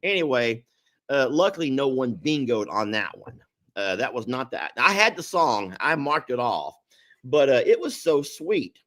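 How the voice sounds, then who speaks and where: A man co-hosting a casual chat show, telling a story with a lot of energy. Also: normal speed. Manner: animated storyteller, pitch jumping up when excited. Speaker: podcast co-host.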